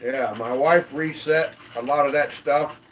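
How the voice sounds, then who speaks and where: Slow, easygoing man hosting a livestream. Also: fairly high pitch, steady tone, fairly bright tone, far from the mic, a little hiss or hum. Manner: slow, easygoing, greets viewers by name. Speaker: livestream host. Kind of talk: casual livestream chat reading comments.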